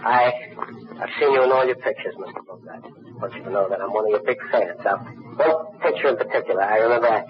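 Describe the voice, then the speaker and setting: A man hosting a roast, telling comic stories in a mock-sincere tone that climbs into loud, profane punchlines. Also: mid-range voice, fast. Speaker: master of ceremonies at a roast. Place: banquet hall. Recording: dull noisy 1950s archival recording.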